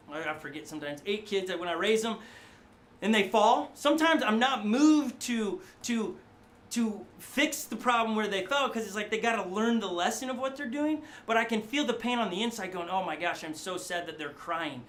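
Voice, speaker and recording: Animated, bright-voiced male pastor preaching. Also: high voice. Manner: animated, conversational, acts out voices. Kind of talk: sermon. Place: studio.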